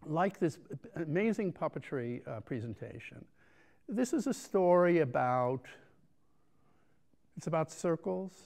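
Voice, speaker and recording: A man's voice: on the high side, creaky, darkish tone. An American man giving a keynote talk, telling a self-deprecating story with lots of restarts and acted-out voices. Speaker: keynote speaker.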